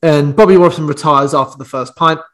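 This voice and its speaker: A man's voice: on the high side, brisk, fairly bright tone. A man co-hosting a casual podcast, joking, swearing and laughing as he riffs. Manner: jokey, swears, laughs through his lines. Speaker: podcast co-host. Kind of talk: casual pub-banter podcast chat.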